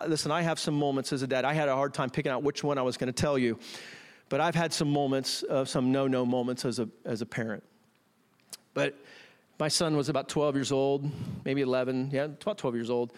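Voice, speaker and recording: A middle-aged man, a pastor giving a sermon and telling self-mocking personal stories in an animated way. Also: on the high side.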